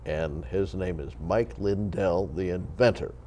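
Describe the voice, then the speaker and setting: A male host opens and steers a television interview, speaking in a measured, courteous manner. His voice sits low and has a dark, mellow tone, and he pauses often on hesitant "uh"s. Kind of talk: interview hosting.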